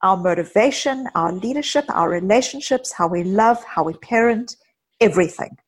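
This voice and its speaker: Husky middle-aged woman, psychologist guest chatting on a podcast, tells stories with lots of quoted bits. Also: medium pitch, moderate pace. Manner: animated storyteller, vivid anecdotes with quoted dialogue. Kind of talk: conversational podcast interview.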